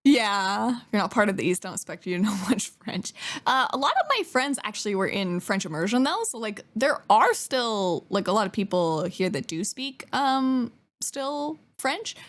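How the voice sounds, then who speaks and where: A woman's voice: medium pitch, expressive, moderate pace, a bit bright. A young woman from Western Canada, chatting casually on a live stream, giggling often and trailing off with fillers.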